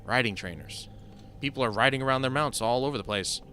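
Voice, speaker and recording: A man's voice: mid-range voice, fast, bright, forceful tone, a little hiss or hum. A man giving casual, rambling let's-play commentary, joking at his own expense, on a desk mic that picks up his key presses. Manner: chatty, rambling, self-deprecating. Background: game music.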